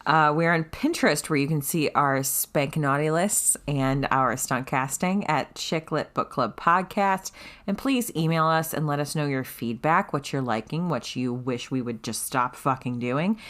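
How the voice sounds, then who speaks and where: Low-voiced woman podcast co-host. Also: unhurried, fairly bright tone. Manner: wry, bantering. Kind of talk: casual chat.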